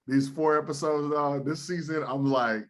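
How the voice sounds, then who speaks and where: A man's voice: fairly high pitch, fairly even intonation, normal speed. A man guesting on a podcast, talking casually with blunt, profane teasing. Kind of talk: casual chat.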